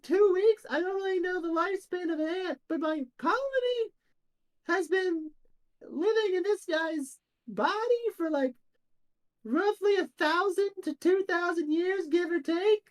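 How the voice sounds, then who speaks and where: A tiny worker ant, voiced by a woman, speaks in a squeaky, very high little voice that jumps around. He stammers and rambles, humble and reverent, in a tabletop game. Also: lively intonation, a little slow.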